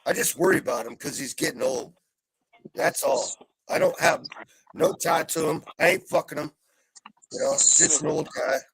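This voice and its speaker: A middle-aged man on a live video call, venting in a heavily profane rant that swings between calm and yelling. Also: a little high, moderate pace, vocal fry, slightly rough. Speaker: panel guest. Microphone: video call mic.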